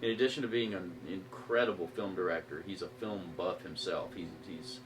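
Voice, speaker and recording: Low-voiced man chatting, slightly off-mic. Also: fairly even intonation, moderate pace, recorded from a distance, background noise. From Arkansas. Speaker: actor, podcast guest. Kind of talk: casual chat.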